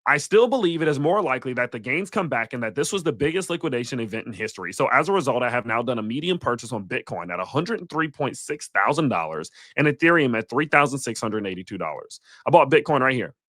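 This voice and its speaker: A man hosting a live crypto market stream, talking in a blunt, animated and profane way. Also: medium pitch, quick pace, hardly any pauses, dry recording, clean studio sound. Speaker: crypto livestream host.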